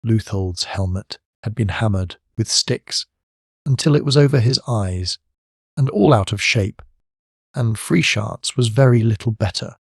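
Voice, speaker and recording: Brief: male audiobook narrator, low voice, steady measured reading, dry close sound. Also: vocal fry, no echo. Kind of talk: scripted narration of a classic story.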